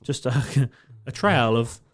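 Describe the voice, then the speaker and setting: A young man on a podcast, telling a swearing, animated anecdote with quoted voices in casual chat. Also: mid-range voice, slow. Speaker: podcast co-host.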